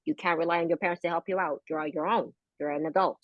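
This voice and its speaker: Podcast co-host, woman, low voice, blunt storyteller, dry mic. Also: fairly even intonation, fast, dry recording, lo-fi sound. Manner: blunt storytelling, swears freely. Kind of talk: casual group chat.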